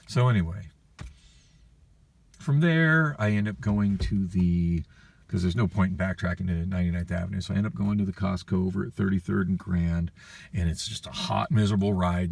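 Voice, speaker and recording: A man's voice: deep voice, fairly even intonation, a little fast, gravelly, a little mellow. A man telling a long, frustrated, profane story in a rambling personal vlog, recorded on a phone with the voice a bit far from the mic. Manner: frustrated, profane, weary venting. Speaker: vlogger.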